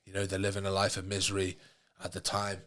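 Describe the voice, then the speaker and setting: A man, a doctor, guesting on a podcast and telling a personal story frankly and emotionally, swearing freely, with halting restarts. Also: sits low, completely flat delivery, a bit bright.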